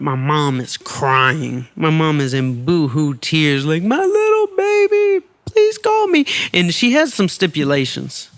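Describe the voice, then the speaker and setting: Upbeat storytelling podcast host, dry sound. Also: male voice, a little high, dry recording. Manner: animated, acts out quoted voices. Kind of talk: storytelling monologue.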